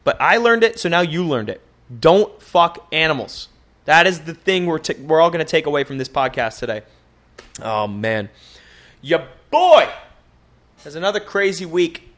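A young man hosting a casual solo podcast, joking and cursing through loose, animated stories. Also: fairly high pitch, normal speed. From United States. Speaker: podcast host.

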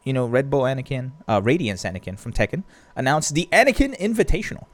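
A man co-hosting a casual talk show, excitable and quick to break off and restart. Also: medium pitch, no echo. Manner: excitable, animated, self-interrupting. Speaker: co-host. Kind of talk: casual news chat.

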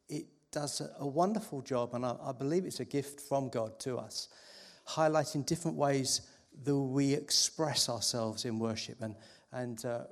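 A man preaching to a congregation in an unhurried, reflective way, often restarting his sentences. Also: medium pitch. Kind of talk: sermon introduction.

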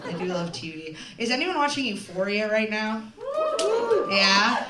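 A woman's voice: medium pitch, expressive, a little slow. A woman stand-up comedian telling a self-deprecating story live, rambling with lots of fillers. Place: comedy club stage. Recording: echoey room from far off, loud crowd laughter. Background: loud audience laughter.

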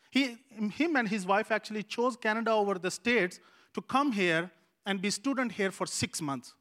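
A man's voice: high voice, bright, forceful tone. A man preaching a sermon as a pastor. He tells a personal story earnestly and repeats phrases for emphasis. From Pakistan.

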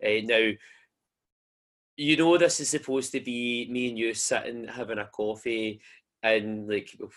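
A Scottish man hosting a casual podcast, excitable and jokey, with sweary banter. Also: medium pitch, a little slow. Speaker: podcast host.

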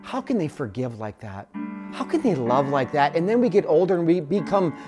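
Impassioned preacher man over soft guitar. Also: on the high side, very animated, a little fast. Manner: impassioned, builds to near-shouting. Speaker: pastor. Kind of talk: sermon.

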